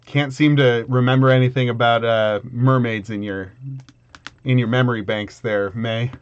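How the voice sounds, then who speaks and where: A man's voice: medium pitch, steady tone, normal speed, smooth. Male game master, loose rambling delivery, slightly muffled recording. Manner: rambling with many fillers and restarts. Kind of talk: narrating a tabletop game.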